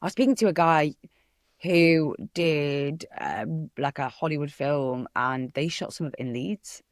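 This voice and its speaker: A woman's voice: low voice, animated, measured pace, dry recording, clean studio sound. A young woman with a Hull accent, an actor guest chatting casually on a podcast and telling stories with animation. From Hull, England.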